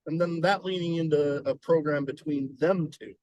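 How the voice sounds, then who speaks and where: A man's voice: fairly high pitch, normal speed, a little mellow, dry recording, dull audio. A man co-hosting a podcast in casual chat, musing hesitantly and swearing now and then. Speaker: podcast co-host.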